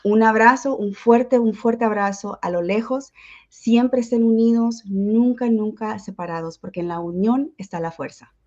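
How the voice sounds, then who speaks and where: A woman hosting a lively livestream chat, energetic and playful, greeting viewers. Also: on the high side, moderate pace, dull audio. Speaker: host.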